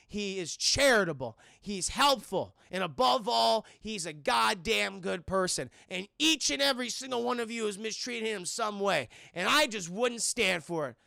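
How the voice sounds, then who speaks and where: A man voicing a scheming, vengeful middle-aged mother in a high, shrill, pleading voice that builds to shouts. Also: creaky, no echo, clean studio sound, exaggerated voice. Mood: indignant.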